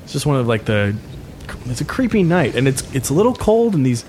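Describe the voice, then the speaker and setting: A man's voice: mid-range voice, very animated, a little fast, a little mellow, a little hiss or hum. A man narrating a tabletop game as game master, setting scenes in a loose way with many fillers.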